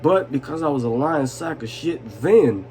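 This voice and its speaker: A man's voice: a little high, animated, moderate pace, darkish tone, a little hiss or hum. A young man telling a drunk storytime, loose and profane, laughing and often asking "you know what I'm saying". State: tipsy from vodka.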